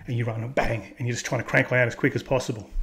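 A man's voice: medium pitch, steady tone, brisk, a bit bright. A man hosting casual commentary, talking in a blunt, crude way and laughing at his own jokes. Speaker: host. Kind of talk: casual commentary reacting to posts.

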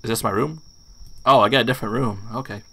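A man's voice: medium pitch, fast, creaky, pushed and bright. A young man giving casual, slangy, jumpy commentary while playing a horror game. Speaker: gaming streamer.

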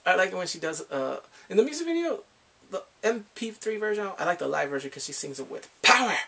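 A man casually recapping a TV drama with animated, laughing storytelling. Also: sits high, fast talker, creaky. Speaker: drama reviewer.

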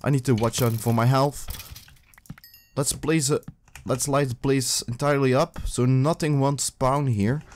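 A man sits at his desk mic and talks his way through a video game. His voice sits in an ordinary middle pitch, and he rambles in a loose, filler-heavy let's-play manner. Every so often he shoots up into excited yelps. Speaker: gaming video host. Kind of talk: casual let's-play commentary.

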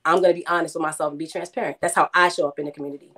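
Fast, outspoken New York woman. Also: low-pitched, fairly even intonation, a bit bright. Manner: outspoken, confident, emphatic. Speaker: panelist. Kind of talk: casual panel discussion.

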